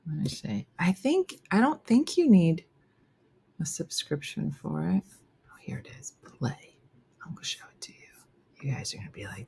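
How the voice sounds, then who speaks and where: A woman's voice: lowish voice, very animated, normal speed, pauses often, fairly bright tone. A woman comedian hosting a live morning show, chatting casually and self-deprecatingly, reading viewer comments as she goes. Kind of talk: casual live-stream chat.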